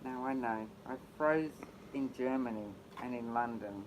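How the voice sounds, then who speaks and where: A woman's voice: rumbling low, unhurried, background noise. A woman in a casual chat, teasing and bantering.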